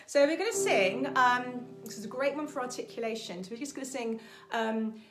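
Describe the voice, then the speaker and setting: A woman's voice: a little high, animated, brisk. A woman vocal coach, leading an online singalong lesson in a chatty, encouraging way. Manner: encouraging, chatty, sings warm-up exercises.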